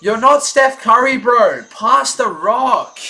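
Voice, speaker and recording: A man giving live fan commentary on a basketball game, frustrated and profane, breaking into shouts and laughter. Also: very high voice, expressive, takes it slowly.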